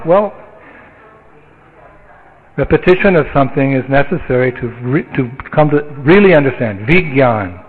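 A man's voice: mid-range voice, lively intonation, normal speed, husky. A man giving a sermon in a conversational storytelling way, with the odd chuckle. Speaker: spiritual teacher. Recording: tinny phone-like line.

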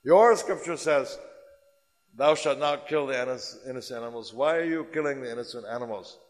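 A man's voice: medium pitch, lightly acted. A man doing a stern old spiritual teacher. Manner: stern, slow and emphatic. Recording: reverberant hall.

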